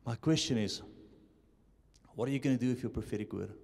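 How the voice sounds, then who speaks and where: A male pastor preaching a sermon, swinging between loud urging and hushed, low asides. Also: brisk, creaky, slightly rough. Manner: switches between English and Afrikaans, dramatic shifts from shouting to hushed. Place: church hall. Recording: live church hall with long reverb.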